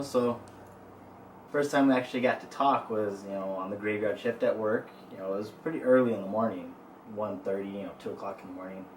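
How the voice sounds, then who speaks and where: A man's voice: lowish voice, darkish tone. Easygoing rambling man, echoey room. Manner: easygoing, rambling with "you know". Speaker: podcast co-host. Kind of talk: casual storytelling chat. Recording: roomy and distant from the mic, faint noise.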